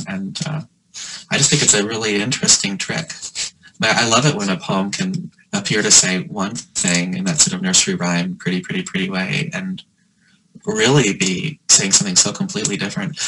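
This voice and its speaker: A man speaks on a video call, his voice slightly low and his sentences full of restarts. He chats casually as a poet and editor and reads verse aloud. A clear layer of background noise runs under the call. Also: pushed and bright, rough recording. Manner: halting, self-deprecating, with restarts. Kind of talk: casual chat and poetry reading.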